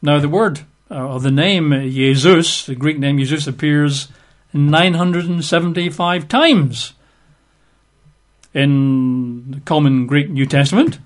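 Male Bible teacher, informal and wry, spells words out, slow pace, raised pitch. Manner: conversational, wry asides, spells out words letter by letter.

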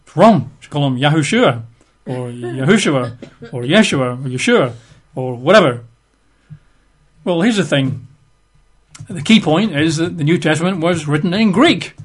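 A man's voice: fairly high pitch, lively intonation, moderate pace, pauses often, breathy edge. A man giving an informal Bible teaching, chatty and wry, spelling out names letter by letter. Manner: conversational, wry asides, spells out words letter by letter.

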